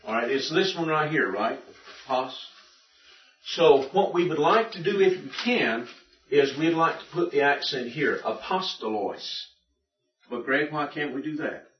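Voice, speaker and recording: A man's voice: fairly high pitch, moderate pace, far from the mic. Man teaching patiently in an echoey classroom. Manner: patient, step-by-step explaining. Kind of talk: classroom Greek lesson. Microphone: far from the mic. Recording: dull, echoey classroom recording from afar.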